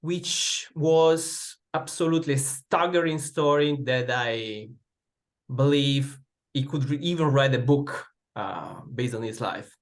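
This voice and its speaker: A man giving a prepared personal speech on a video call, telling his story slowly and earnestly with pauses. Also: mid-range voice. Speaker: club speaker joining online.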